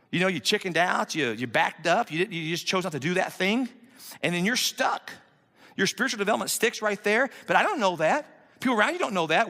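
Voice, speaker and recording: A man's voice: high-pitched, pushed and bright. A man in his fifties, a pastor preaching an emphatic, conversational sermon full of rhetorical questions, in a church. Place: church sanctuary. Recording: long hall reverb in a church.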